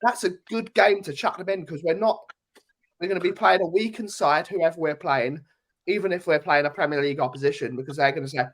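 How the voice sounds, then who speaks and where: A man's voice: fairly high pitch, a little fast, fairly bright tone. A man on a podcast panel, laying out his opinions emphatically in casual talk.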